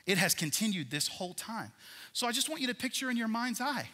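A man preaching a sermon as a pastor, animated, swinging between loud emphasis and hushed passages. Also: extremely high pitch, a little fast, big-room sound.

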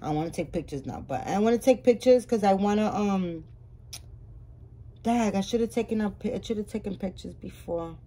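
A woman vlogging about her reborn dolls, telling a story in a chatty, animated way with many restarts and asides to viewers. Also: medium pitch, moderate pace. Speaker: doll collector YouTuber. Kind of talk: casual vlog storytelling.

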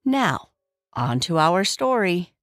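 A woman hosting a bedtime story show, reading listener shout-outs and narrating a children's story in a slow, soothing way. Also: on the low side, very animated, no room sound, studio quality, faint music behind. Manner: slow, soft and soothing, reading names warmly. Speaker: storyteller host.

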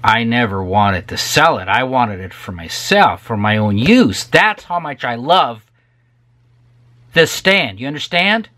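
A man's voice: mid-range voice, sing-song, unhurried, bright, forceful tone. A middle-aged man, a guitar maker, speaking unscripted to camera in an impassioned, ranting way, repeating words for emphasis. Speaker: guitar maker selling stands.

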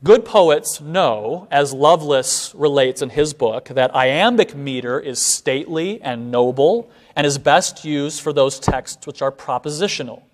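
A man with a medium-pitched voice lectures in a seminary classroom, explaining things step by step and slowing down whenever he recites lines of verse.

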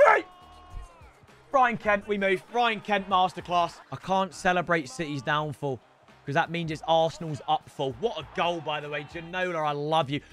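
A young man with a very high, bright voice commentates his gameplay live, swinging between loud outbursts at the match and chatty banter with viewers. His pitch jumps around a lot, and faint music plays underneath. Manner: excitable, yells at the game, chatty banter to viewers. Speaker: gaming YouTuber.

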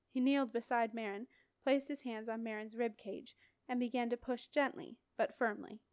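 A woman's voice: fairly high pitch, fairly even intonation, moderate pace, a little mellow, clean tone, dry recording. Woman reading an audiobook, dry close sound. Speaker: audiobook reader. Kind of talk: scripted narration.

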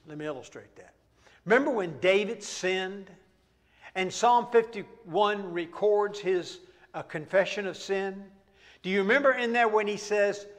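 A middle-aged man, teaching a church Bible study in folksy storytelling style that breaks into sudden shouts. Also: sits high, big-room sound. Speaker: pastor. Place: church auditorium.

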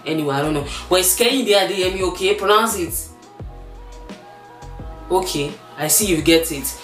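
A young Nigerian woman in her twenties rambles cheerfully to her viewers in a low-pitched, easygoing voice. Her accent is plain in every phrase, and the room around her rings back noticeably, with faint music underneath. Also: moderate pace, a bit bright, echoey room. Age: 20s. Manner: chatty, playful, rambling with fillers. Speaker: YouTuber. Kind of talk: casual vlog chat.

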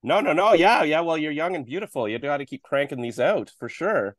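A man's voice: on the high side, lively intonation, brisk, no room sound. A man hosting a casual, joking interview with a film cast over a video call. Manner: joking, playful banter.

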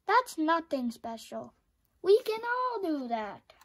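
A woman's voice: very high-pitched, big pitch swings, takes it slowly, full character voice. A woman voicing a group of teasing bat friends in a storybook read-aloud. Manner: mocking, chuckling.

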